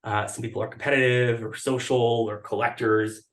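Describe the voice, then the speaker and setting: A man's voice: medium pitch, level tone, normal speed, fairly bright tone. A man speaking as a guest over a video call, talking casually with many fillers and restarts. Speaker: podcast guest, blog editor. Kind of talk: casual interview talk.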